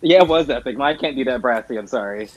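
A man co-hosting on a radio show, easygoing and quick to laugh at himself. His voice sits mid-range but moves a lot in pitch. A faint hiss rides under the studio mic. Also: expressive, muffled recording. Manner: giggly, easygoing, self-deprecating. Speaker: radio co-host. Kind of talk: casual studio banter.

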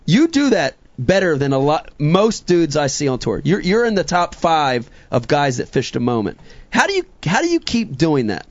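Eager host with a fairly high voice. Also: male voice, huge pitch swings, moderate pace, no echo, muffled recording. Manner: eager, repeats words as he starts sentences. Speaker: podcast host. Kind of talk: casual interview chat.

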